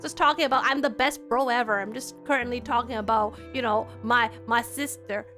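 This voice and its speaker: A woman's voice: a little high, steady tone, brisk, a bit bright, faint music behind, voice pushed down, lightly acted. Woman doing a cheery young bro. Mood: laid-back. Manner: laid-back bro talk.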